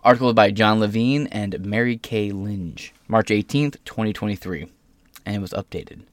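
A young man with a fairly low voice hosts a casual news commentary show, reading articles aloud and breaking off for sarcastic, profane asides. The sound is close and dry, with almost no room around it. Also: steady tone, moderate pace, no room sound. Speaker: host.

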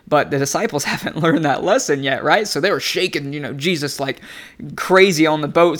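Animated, chatty young-sounding male preacher. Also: on the high side, a little fast. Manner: animated, conversational, laughing often. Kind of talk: casual devotional teaching.

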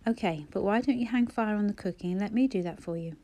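A woman's voice: medium pitch, fast talker, warm tone, lightly acted. A woman voicing a polite, considerate young man in a storybook. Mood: earnest. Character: kind, helpful young man, earnest.

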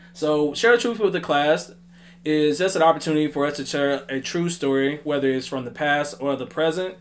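A man co-hosting a podcast, bantering playfully and backing up his co-host. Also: fairly high pitch. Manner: playful, supportive banter with frequent mm-hmms. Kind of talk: casual podcast chat.

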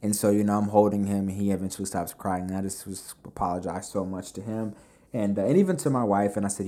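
Guy doing a business talk, warm low-key tone, chatty storyteller, lots of "you know". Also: fast talker. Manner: animated storyteller, conversational with many fillers. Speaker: business podcast host. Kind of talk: casual motivational talk.

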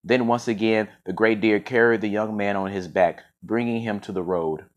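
A man's voice: lowish voice, fairly even intonation, moderate pace. A man reading a fable aloud for a podcast, often tripping over words and correcting himself, with casual slangy asides. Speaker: podcast storyteller. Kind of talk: story reading with casual commentary.

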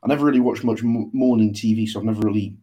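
A man's voice: fairly low pitch, fairly even intonation, racing, dark tone. A young man, a university student co-hosting a podcast over a patchy online call, rambling and cursing as he corrects himself mid-sentence. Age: young adult. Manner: sweary, rambling, self-correcting. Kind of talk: casual chat. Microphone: computer mic over a dropping internet call.

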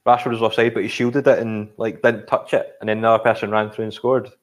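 Speaking fast in a level tone, this Scottish podcast co-host has a voice on the low side. His casual football talk wanders and hesitates, packed with fillers.

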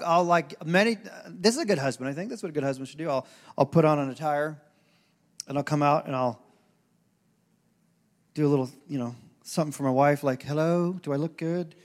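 Male pastor, high voice, casual sermon with humor, big church reverb. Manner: casual, joking, acts out quoted voices. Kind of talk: conversational sermon. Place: church sanctuary. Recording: long hall reverb.

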